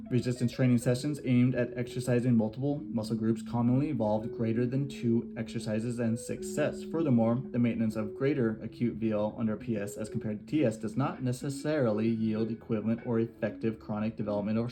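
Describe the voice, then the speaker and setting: A man reading an academic research paper aloud in a steady, measured way, with small slips and restarts. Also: mid-range voice. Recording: guitar music playing behind the voice.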